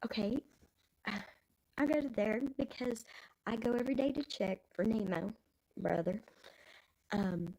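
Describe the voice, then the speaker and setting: A woman's voice: fairly high pitch, fairly even intonation, unhurried, long pauses, mellow, poor audio. A Texan woman in her fifties with grandkids, rambling casually in folksy talk as a live stream host. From Texas.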